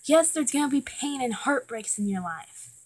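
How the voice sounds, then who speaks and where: A woman's voice: high-pitched, animated, normal speed, poor audio. A teenage girl giving an earnest, emotional pep talk to her viewers, swearing when she gets worked up. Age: teens. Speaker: vlogger.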